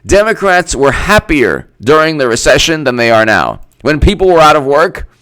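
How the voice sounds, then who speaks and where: A man's voice: fairly high pitch, sing-song, normal speed, a bit bright, clear, resonant tone, dry recording. A man giving casual political commentary in a sarcastic, mocking way, laughing often.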